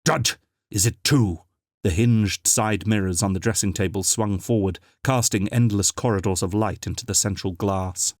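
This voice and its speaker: Low-voiced man narrating an audiobook. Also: fairly even intonation, darkish tone, no echo, studio quality. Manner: measured, dramatic storytelling.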